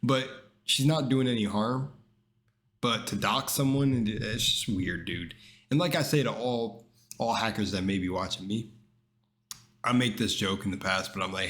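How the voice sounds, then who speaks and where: Laid-back streamer man, low voice. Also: moderate pace, fairly bright tone. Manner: laid-back, rambling slangy talk with many restarts. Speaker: streamer reacting to a video. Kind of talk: casual reaction chat.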